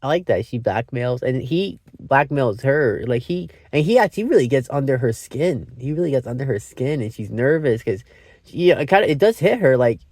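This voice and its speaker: A man's voice: medium pitch, expressive, normal speed, a little mellow, no echo. A man giving a casual, meandering movie review, often restarting his sentences and swearing freely. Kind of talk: casual rambling film review.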